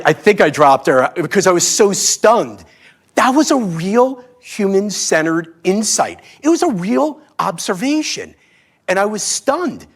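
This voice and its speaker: A man in his forties giving a talk on stage, telling a story in a playful, animated way with self-mocking humor. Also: high voice, slightly rough. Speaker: speaker at a live talk event. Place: stage before a live audience.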